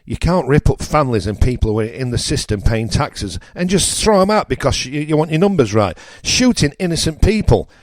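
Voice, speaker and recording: A man's voice: medium pitch, very animated, a little fast, hardly any pauses, no room sound, clean studio sound. A man from northern England with a northern English accent, hosting a radio show and delivering a blunt, opinionated political rant with emphatic repetition.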